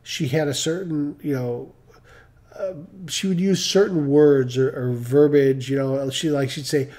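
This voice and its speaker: A man's voice: medium pitch, unhurried, dark tone. A middle-aged man telling a story casually on a live stream, rambling and acting out the dialogue he quotes.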